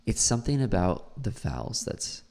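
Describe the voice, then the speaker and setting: A man's voice: fairly low pitch, very animated, normal speed, creaky, dark tone. A man, an English teacher, critiquing a learner's pronunciation and repeating words aloud to model them.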